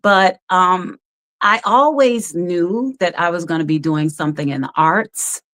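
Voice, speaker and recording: A woman who works as a background actor, telling stories in an animated, chatty way as a talk-show guest, often laughing. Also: fairly low pitch, a little slow. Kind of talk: casual storytelling chat.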